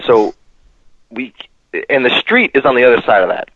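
A man's voice: mid-range voice, very animated, normal speed, no room sound, phone-quality sound. A man guest on a podcast telling a story casually, laughing often and leaning on fillers.

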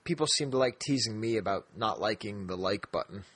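Man, podcast co-host, casual chat, husky breathy voice, dry close sound, rambling and laughing. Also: fairly low pitch, expressive, brisk, fairly bright tone, no room sound. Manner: rambling, laughs often, many restarts.

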